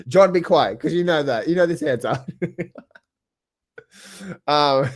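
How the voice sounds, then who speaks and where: A man with an Australian accent coaching traders on a live stream. He talks excitedly, repeats himself, laughs often and calls viewers by name. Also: on the high side, takes it slowly. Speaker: trading coach. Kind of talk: live stream talk answering viewers in chat.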